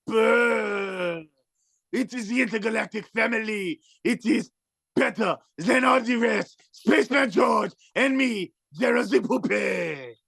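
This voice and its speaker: A man voicing a brash puppet wrestler who shouts his trash talk in a comedic wrestling promo. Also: high voice, slow pace, creaky, slightly rough, no room sound, studio quality, full character voice. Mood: boastful.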